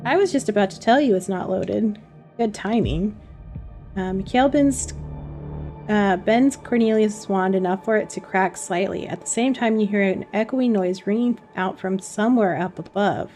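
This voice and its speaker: A woman's voice: medium pitch, a little slow, soft background music. Woman reading a game aloud. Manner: lively, laughs and reacts to the text. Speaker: let's play host. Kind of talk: reading game text aloud with casual commentary.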